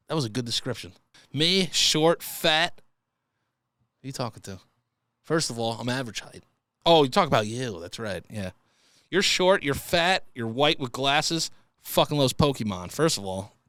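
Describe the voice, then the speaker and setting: Bright-voiced, foul-mouthed male podcast host. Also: medium pitch, no room sound. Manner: crude, joking, swears freely. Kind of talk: casual podcast commentary reading listener stories. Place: podcast studio.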